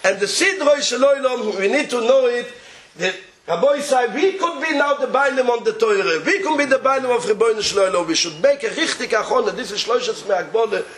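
Male storyteller, very high voice, Yiddish accent, animated and chuckling, echoey room. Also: a little fast. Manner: animated, chuckling, mixing Yiddish and Hebrew words. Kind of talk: telling a rabbinic tale.

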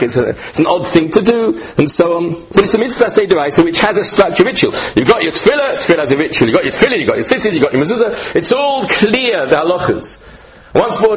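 An older man teaching a Torah class, animated and rhetorical, repeating phrases and mixing in Hebrew and Yiddish terms. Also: on the high side, rough recording. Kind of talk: Torah lecture.

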